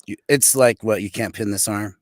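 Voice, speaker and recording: A man's voice: on the low side, moderate pace, no echo, clean studio sound. A middle-aged man from Montana, a guest on a podcast, telling a story with lots of energy and acting out the quotes. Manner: energetic, animated storyteller who acts out quotes. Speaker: podcast guest, pro arm wrestler. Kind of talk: casual storytelling interview.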